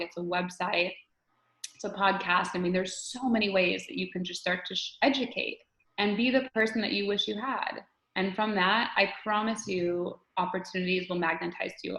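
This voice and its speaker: A woman coach giving animated, spiritual interview answers, often restarting her sentences. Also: lowish voice, gravelly, roomy sound, low-quality recording. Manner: animated, spiritual, repeats herself. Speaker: guest coach.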